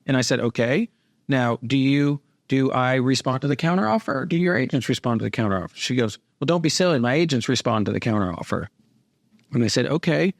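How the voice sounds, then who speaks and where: A man's voice: mid-range voice, animated, fairly quick, creaky, no room sound, clean studio sound. A man hosting a casual podcast interview, a mortgage business owner who tells stories by acting out both sides of his phone calls.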